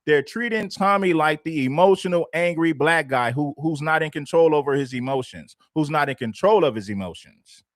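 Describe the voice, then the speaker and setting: Livestream host, a man; a little high, mocking and chatty, dry close sound. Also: expressive, normal speed, no echo. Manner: mocking, laughing, repeating points to the chat. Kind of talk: casual reaction commentary.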